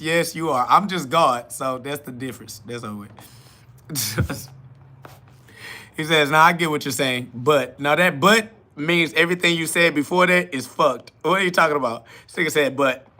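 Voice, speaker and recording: Podcast host, male, bright slightly high voice, blunt and mocking, laughs at his chat. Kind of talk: live solo podcast answering chat questions.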